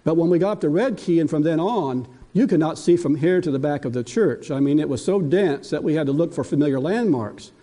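A man's voice: on the high side, mellow. An older man preaching a sermon in a church, folksy and self-deprecating, telling stories about his grandchildren. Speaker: pastor. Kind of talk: sermon with personal anecdotes.

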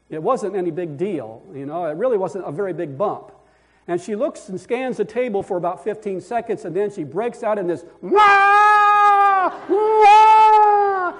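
An older man with a fairly high-pitched voice delivers a homespun sermon. He rambles warmly through anecdotes, chuckling at his own jokes and restarting his sentences as he goes. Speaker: preacher. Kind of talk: folksy storytelling sermon.

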